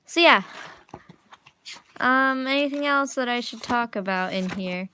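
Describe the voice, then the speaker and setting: A young woman who makes art videos draws at home in her living room and talks casually, often restarting, wandering off topic, and mocking herself. She speaks a little slowly in a fairly high voice, with background noise.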